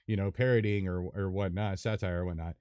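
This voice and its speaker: A man hosting a casual gaming podcast, rambling and animated with lots of fillers. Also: low voice, a little fast, clean tone, no echo. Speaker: podcast host. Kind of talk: casual chat.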